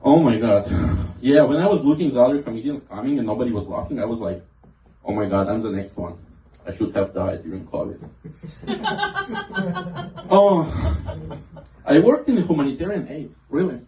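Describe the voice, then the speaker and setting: Guy doing standup, all over the place pitchwise, lots of ums, echoey club from far back, faint room noise. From half Ukrainian, half Israeli. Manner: lively, self-mocking, halting with fillers. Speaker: stand-up comedian. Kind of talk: stand-up set. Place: small comedy club. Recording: roomy club audio from a distance.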